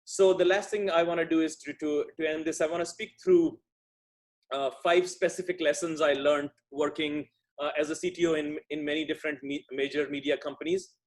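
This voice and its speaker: A man's voice: on the high side, steady tone, brisk. A middle-aged man from India, a guest speaker, giving a thoughtful, conversational talk with frequent restarts. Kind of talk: talk on workplace relationships.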